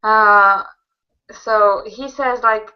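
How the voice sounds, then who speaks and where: A woman takes her time in a casual chat, pausing and hunting for words. She speaks slowly. The audio is dull and lo-fi. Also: mid-range voice, steady tone, clean tone. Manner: hesitant, searches for words. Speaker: chat participant.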